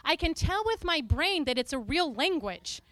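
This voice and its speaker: A woman preacher gives an animated, playful teaching talk to a live congregation. Her voice sits high and sounds bright and forward. The sound is dry and close. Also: normal speed, dry recording. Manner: animated, playful, breaks into sung and spoken snippets.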